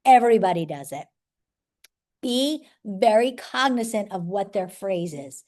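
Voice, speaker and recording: Medium-pitched and a little slow, with lively intonation and a darkish tone, the sales-skills presenter leads her live seminar for a room of attendees. Her chatty style includes joking asides and a habitual "right?"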